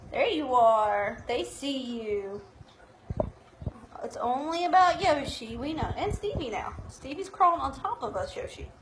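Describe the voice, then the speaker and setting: A woman's voice: sits high, echoey room, background noise. A woman giving a casual live tour of a cat shelter room, talking to the cats in a cooing, laughing way, filmed on a handheld phone. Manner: cooing baby-talk to cats, frequent laughs.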